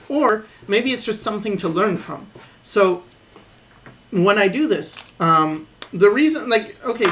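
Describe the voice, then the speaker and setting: A man recording a voice-over as he sketches, calmly thinking aloud about his drawing habits and encouraging viewers to keep practicing. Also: sits high. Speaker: artist teaching drawing. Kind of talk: voice-over commentary while sketching.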